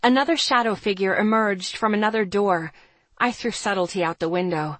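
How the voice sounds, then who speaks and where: A woman's voice: medium pitch, fairly quick, fairly bright tone, dry recording. A woman narrating a first-person audiobook in a tense, dramatic way. Her voice sits in a middle range. The recording is dry and close, with no room sound.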